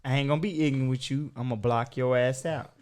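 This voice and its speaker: A man hosting a podcast, talking in a loud, emphatic, profane way that swings between shouting and muttering. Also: mid-range voice, fairly even intonation, fast talker, smooth. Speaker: podcast host. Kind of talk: casual chat.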